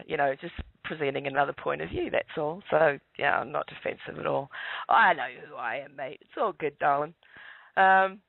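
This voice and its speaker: A man's voice: on the high side, gravelly, no room sound. A man guesting on a radio show, telling a story with hesitant, stumbling restarts. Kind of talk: casual storytelling. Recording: dry tinny Skype call.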